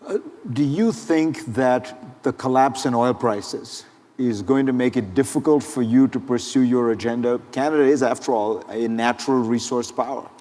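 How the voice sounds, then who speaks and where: A male interviewer puts direct, pressing questions and asks for clear answers. His pitch is middling for a man. A long reverb trails behind his voice, as in a large hall. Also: moderate pace, warm tone.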